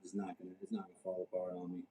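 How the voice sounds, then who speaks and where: The host's deep, warm voice runs very fast and monotone as he jokes and chats through a casual outdoor livestream, stitching leather on a warm day. He's ginger and sweaty from the work, and the rough recording has a little hiss or hum.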